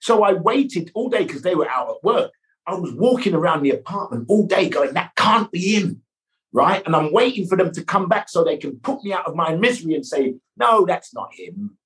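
A middle-aged man, a guest actor, telling anecdotes with lively sound effects and voices. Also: high-pitched, brisk. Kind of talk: animated storytelling.

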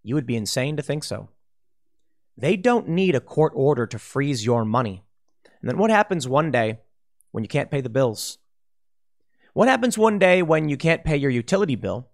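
Speaking with emphasis, this political commentator warns his audience and speculates through possible scenarios, often restarting his thoughts. His voice is mid-range and very animated, at a moderate pace broken by long pauses.

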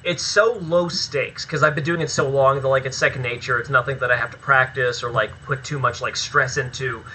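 A man being interviewed as a filmmaker and actor, talking in an animated, rambling way with plenty of swearing in a casual chat. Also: mid-range voice, a little fast, a little hiss or hum, low-quality recording.

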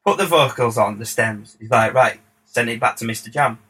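Fields: bright, husky man. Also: medium pitch, a little fast, poor audio. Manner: lively, swearing storyteller acting out dialogue. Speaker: music producer, podcast guest. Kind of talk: casual anecdote.

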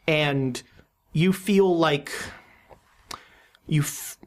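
Slow, halting horror game master. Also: mid-range voice. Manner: halting, with many restarts and fillers. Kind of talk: narrating a horror tabletop game.

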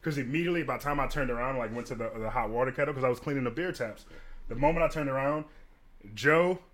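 A man and bartender telling stories in a casual chat, animated and profane, acting out what others said. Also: medium pitch, quick pace. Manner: animated, profane, acts out quotes with big swings. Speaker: podcast co-host and bartender.

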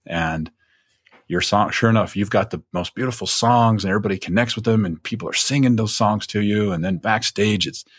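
A man's voice: lowish voice, brisk, slightly rough, dry recording, studio quality. A man spinning a long rambling story in casual chat, full of fillers.

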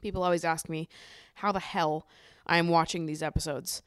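A woman's voice: lowish voice, steady tone, moderate pace, smooth, dry recording, studio quality. A young adult woman hosting a casual chat podcast, bubbly and gushing, laughing often. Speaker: podcast host.

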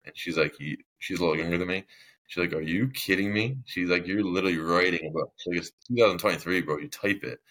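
Brief: young man, extremely low voice, long-winded casual storyteller, guest on a podcast. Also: quick pace, fairly bright tone. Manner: rambling, heavy use of "like", long-winded.

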